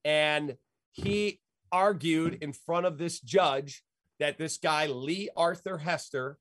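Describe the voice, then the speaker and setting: A middle-aged man with a slightly raised pitch tells stories like the radio host he is, emphatic and folksy, wandering from point to point. The sound is dry and close, with no room around it. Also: takes it slowly, fairly bright tone, no room sound. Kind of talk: animated storytelling in an interview.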